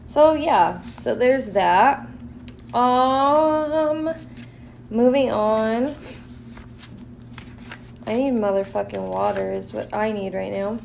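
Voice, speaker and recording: A woman vlogger talks candidly, swearing a lot and leaning on fillers, sometimes reading aloud from a list. Her slightly high voice is slow, creaky, and darkish, with frequent pauses. There's a little hiss or hum in the audio.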